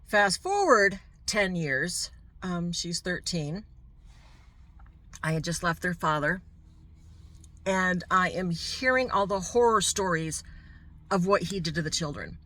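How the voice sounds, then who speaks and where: A woman's voice: fairly low pitch, animated, slow pace, long pauses, pushed and bright. A middle-aged woman vlogger telling a personal story to camera, candid and heartfelt, with asides to the viewer.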